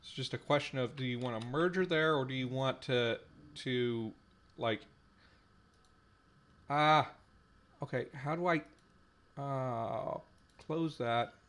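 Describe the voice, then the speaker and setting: A man hosts a live stream on building a language, working things out aloud at a very slow, halting pace. He trails off into fillers and repeats the same trial words again and again, with his voice at a middling pitch. Keyboard typing clicks in the background. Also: fairly bright tone. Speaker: podcast host running a conlang stream.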